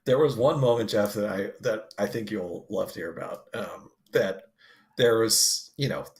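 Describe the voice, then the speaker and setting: A man co-hosting a podcast, telling stories in a laughing, animated way and acting out what people said. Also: lowish voice, normal speed. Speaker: podcast co-host. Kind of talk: casual storytelling.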